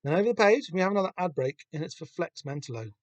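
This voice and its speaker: A man from Southern England with a high-pitched voice hosts a podcast, talking quickly with lively intonation. His casual comic-book commentary is rambling, sweary and self-deprecating. The audio is dull, with no echo.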